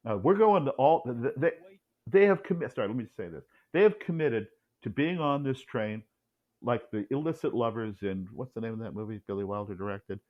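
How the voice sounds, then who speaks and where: A blunt, combative man talking as an interview guest, his pitch swooping widely up and down. The audio sounds a little dull and lo-fi. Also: lively intonation, a little fast. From United States. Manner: blunt, combative, acts out quoted exchanges. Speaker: author and cultural commentator, guest.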